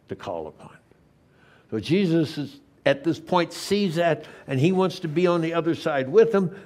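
A man preaching a sermon, retelling a story with animated, acted-out asides in a church. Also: mid-range voice. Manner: animated storytelling, acting out the disciples in quick lively asides. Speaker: pastor.

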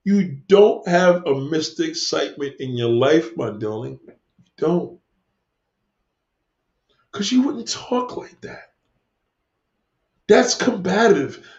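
A man with a high voice hosts a livestream and lectures his chat in a combative, preachy rant, cursing freely and repeating himself. His voice rings in an echoey room, and the recording is dull and lo-fi. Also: big pitch swings, takes it slowly, pauses often, a little mellow. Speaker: livestream host answering chat. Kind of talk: live-stream rant.

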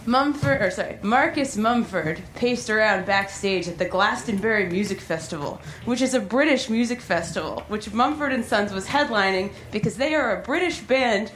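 A woman's voice: a little high, a bit bright. A woman doing a comic reading of raunchy fiction at a live comedy club, breaking off for dry sarcastic asides. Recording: echoey live club room with noise.

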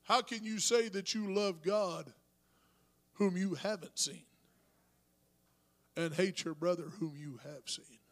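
A man preaching a sermon as pastor, talking to his congregation with asides and rising to shouted praise. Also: sits high, slow pace, long pauses.

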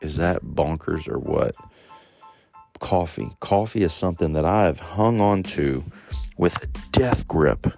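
A man hosting a solo podcast, telling a personal story in a lively, casual way and talking straight to his listeners. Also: low-pitched, unhurried, vocal fry, soft background music. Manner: animated storytelling, addresses listeners directly. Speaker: podcast host.

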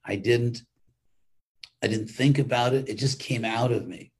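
Husky older man giving a talk. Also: medium pitch, moderate pace. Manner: conversational, rambling, with frequent restarts. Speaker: monk teaching a weekly class. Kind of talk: informal spoken class.

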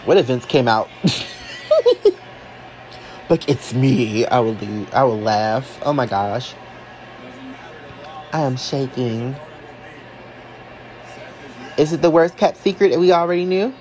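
A man reacting live as a fan, excitable and emotional, talking casually and sassily to his viewers. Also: mid-range voice, unhurried, pauses often, rough recording. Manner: casual and sassy, calls listeners y'all and honey. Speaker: wrestling fan vlogger.

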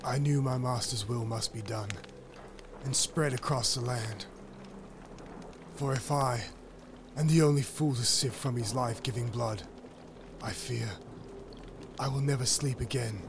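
A man playing a devout wizard narrating his tale in a solemn, mock-epic way, at times shouting proclamations. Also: mid-range voice, steady tone, unhurried, pauses often, noisy background, natural voice. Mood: brooding. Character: wizard narrator, devout, obsessive, later frenzied. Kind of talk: first-person dramatic storytelling.

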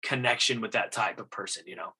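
A man's voice: lowish voice, fast, bright, forceful tone, breathy edge. A man, an actor and interview guest, telling stories casually and animatedly, laughing and acting out quotes.

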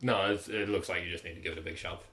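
A man's voice: low voice, fairly even intonation, rapid-fire, sharp tone. A man narrating a tabletop game as game master in a loose, chatty way with many fillers.

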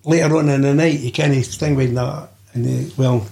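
A man's voice: medium pitch, fairly even intonation, normal speed, creaky, warm tone. An older man with a Scottish accent, a podcast guest telling rambling stories and swearing freely. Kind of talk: anecdotal storytelling.

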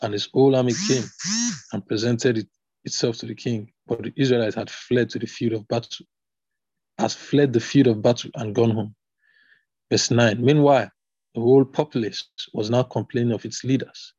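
A man's voice: mid-range voice, fairly even intonation, normal speed, a little mellow, husky, no room sound. A man reading scripture aloud in a plain manner, stopping now and then to reread a passage. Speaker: scripture reader. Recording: dull, slightly lo-fi recording.

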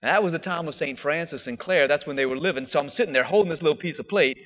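A man, a diocesan priest, telling a personal story in a chatty, animated way with casual fillers. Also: on the high side, quick pace. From United States. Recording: dull audio with long hall reverb.

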